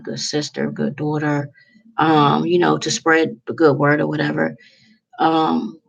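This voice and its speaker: A woman vlogger in a candid, heartfelt to-camera monologue, halting with many fillers and close to tears. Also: deep voice, gravelly, muffled recording.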